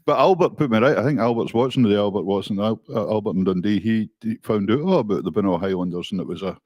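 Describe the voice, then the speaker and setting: A man's voice: fairly low pitch, quick pace, darkish tone, dry recording, highs cut off. A Scottish man hosting a music show, chatting casually and rambling with self-corrections. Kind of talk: casual radio-style presenting.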